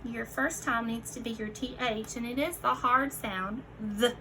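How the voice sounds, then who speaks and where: A young woman teacher leading a recorded phonics lesson for children, giving slow, clearly enunciated prompts and calling her listeners friends. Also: a little high, steady tone, sharp tone, slight background noise, poor audio. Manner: encouraging, addresses listeners as friends.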